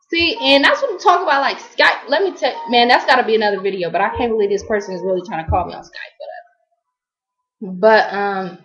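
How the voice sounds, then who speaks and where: A woman's voice: fairly high pitch, fast, a bit bright, muffled recording. Rambling, slangy woman vlogger. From Columbus, Ohio, US. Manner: rambling, slangy, lots of fillers. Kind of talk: casual storytelling vlog.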